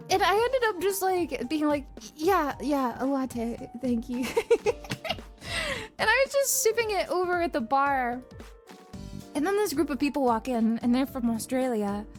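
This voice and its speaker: A young woman streamer telling stories in an animated, giggly way, swearing often. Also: high-pitched, moderate pace, faint music behind. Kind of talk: casual chat.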